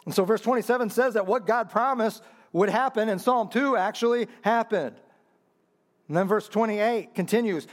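A man preaching a sermon as pastor. He drops to low, earnest asides, then climbs to loud, high emphatic peaks, repeating phrases for emphasis and calling out to the congregation. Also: moderate pace.

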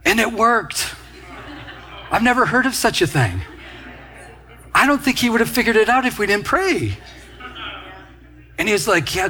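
A man's voice: a little high, bright, forceful tone. A man preaching a sermon as pastor, telling a story with quoted asides and laughing along the way.

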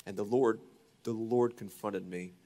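A man preaching a sermon as pastor, telling a story and acting out the voices in it, swinging from loud to hushed. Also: fairly low pitch, steady tone, measured pace, big-room sound. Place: church sanctuary.

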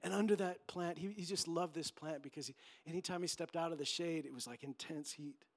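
High-voiced man preaching with passion. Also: a little fast. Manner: impassioned, emphatic preaching with acted-out quotes. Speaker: pastor. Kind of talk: sermon.

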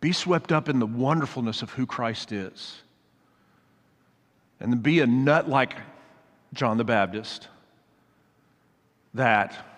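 A man preaching a sermon, earnest and exhorting, repeating phrases for emphasis, then leading a prayer. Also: medium pitch. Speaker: pastor. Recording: long reverb of a large hall.

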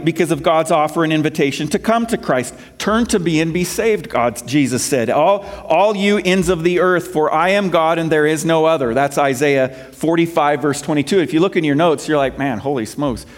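A pastor with a fairly high voice preaches a sermon, quoting scripture and posing questions to the congregation while his emphasis rises and falls.

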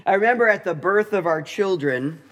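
A man teaching through a Bible passage in a deliberate, explanatory way, with touches of dry humor. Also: high-pitched, lively intonation, a bit bright.

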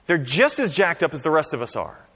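Lively high-voiced man preaching in a hall. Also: brisk, husky. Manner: conversational, animated preaching with frequent "right?" and "okay?". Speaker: pastor. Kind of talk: sermon.

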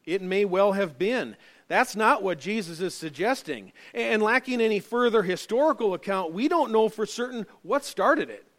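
A man's voice: sits high, lively intonation, normal speed. Emphatic male pastor preaching. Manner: emphatic, rising and dropping between loud stresses and quiet asides. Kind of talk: sermon.

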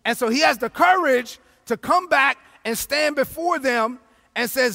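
A man preaching a sermon as pastor, telling a story with animated energy and frequent shouting. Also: extremely high pitch, measured pace, creaky, long reverb tail.

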